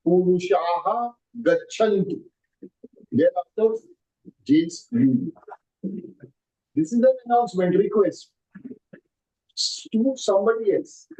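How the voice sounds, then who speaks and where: A man with an Indian English accent, his voice pitched a little high, teaches an online class. He explains step by step, repeats each form and keeps asking whether everyone has followed. The audio is slightly muffled and lo-fi, like a video call. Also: a little mellow. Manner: explains patiently, repeats words and checks understanding. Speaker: Sanskrit teacher.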